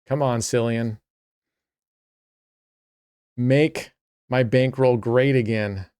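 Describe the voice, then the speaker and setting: Chatty male host, smooth voice, dry close sound, casual roulette play-by-play. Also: mid-range voice, fairly even intonation, extremely slow, darkish tone, no echo. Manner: chatty, talks to himself and viewers.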